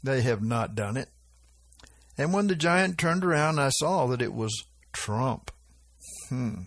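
Slow, husky-voiced preacher man. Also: medium pitch, lively intonation, a bit bright, no echo. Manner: chuckles often, slow drawling delivery. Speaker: preacher recounting prophetic dreams. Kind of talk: informal religious teaching.

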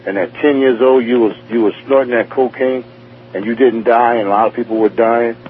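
A testimony speaker from New York, with the accent to match, talks briskly in a steady, medium-pitched voice. He goes on at length, repeating himself and voicing other people's lines, over a tinny, phone-like radio feed with a little background noise.

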